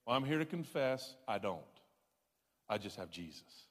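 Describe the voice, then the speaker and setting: A man's voice: fairly low pitch, big pitch swings, normal speed. Emphatic folksy man preaching in a hall. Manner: folksy, self-deprecating, emphatic preaching with repeated "I'm telling you". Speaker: pastor. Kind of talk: sermon. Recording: long reverb of a large hall.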